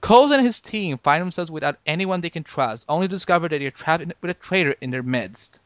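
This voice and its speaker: A man hosting a podcast in casual chat, talking in halting bursts with lots of restarts and fillers. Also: a little high, expressive, a bit bright, no room sound, muffled recording. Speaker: podcast host.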